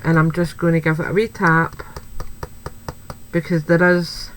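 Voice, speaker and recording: A woman's voice: deep voice, flat delivery, unhurried, slight background noise, low-quality recording. A woman chatting through a card-making tutorial, thinking aloud as she works and making light of her own slips. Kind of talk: craft tutorial, talking while working.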